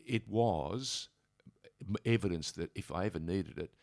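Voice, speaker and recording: An older Australian man from Sydney, a radio interview guest in a studio, telling animated stories and mimicking voices as he goes. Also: low-pitched, unhurried, vocal fry, no room sound. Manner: animated storyteller who mimics voices in anecdotes.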